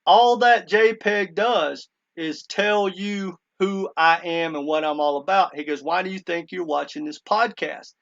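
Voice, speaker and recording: His voice is a little high and a bit bright, with the highs cut off. This man, a crypto commentator, earnestly retells a story to his viewers in a casual monologue, peppering his quotes of a speaker with "he goes" and addressing everyone as "guys".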